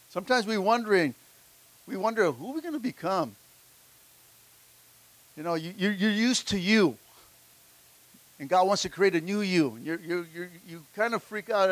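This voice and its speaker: A man's voice: sits high, expressive, moderate pace, long pauses, no room sound. A man preaching a sermon as pastor, fervent and calling out to the congregation, often repeating words as he restarts his lines. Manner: fervent preaching with call-and-response.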